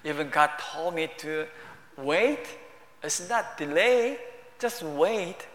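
Slow, high-voiced preacher in an echoing hall. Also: male voice, expressive. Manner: warm conversational preaching in broken English, rising to emphatic bursts. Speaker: pastor. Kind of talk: sermon. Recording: echoey hall with long reverb.

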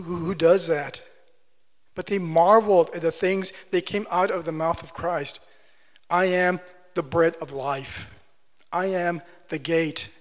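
High-voiced preacher in a reverberant hall. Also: male voice. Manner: builds to loud emphatic preaching, then drops to quiet. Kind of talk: sermon.

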